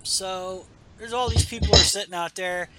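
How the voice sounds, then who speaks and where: A man's voice: sits high, steady tone, normal speed, crowd noise. A man hosting a podcast, recapping a comic book in casual chat with rambling asides and many fillers. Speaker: podcast host.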